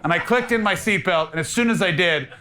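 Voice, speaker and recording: A man in his thirties telling stand-up stories on stage, animated, breaking into mock crying and voices. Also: high-pitched, a little fast. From Canada. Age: 30s. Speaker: stand-up comedian. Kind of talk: stand-up comedy storytelling. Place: live comedy club stage. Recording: live room with clear crowd noise. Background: audience laughter.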